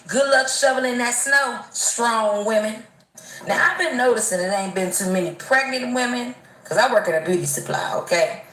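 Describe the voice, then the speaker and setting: A woman's voice: fairly low pitch, reverberant, low-quality recording. A woman giving a casual, sarcastic opinion monologue with a teasing edge. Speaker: clip contributor.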